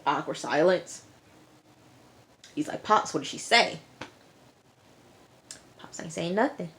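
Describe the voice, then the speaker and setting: A woman vlogger recapping a TV episode in a casual, lively way, full of slang and quick asides. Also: lowish voice, slight background noise. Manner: lively retelling with slang and acted-out quotes. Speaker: TV review vlogger.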